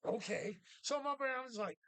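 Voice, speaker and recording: A man's voice: very high voice, expressive, a little fast, bright, forceful tone, no echo. A man hosting a casual chat in a pub, telling profane, rambling stories.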